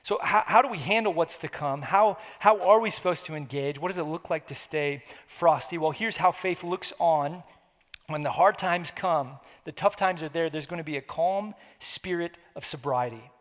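High-voiced preaching man in a reverberant hall. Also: moderate pace, fairly bright tone. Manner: earnest, conversational preaching with repetitions. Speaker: pastor. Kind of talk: sermon.

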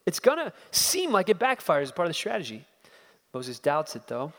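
A man's voice: fairly high pitch, huge pitch swings, normal speed, fairly bright tone, in a large hall. Man preaching with dramatic rhetorical questions. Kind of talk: expository sermon.

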